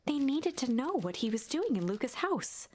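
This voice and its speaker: A woman narrating a storybook game in a hushed, measured way that drops to a whisper at tense moments. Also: high voice, very animated, noisy background. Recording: game narration over loud music.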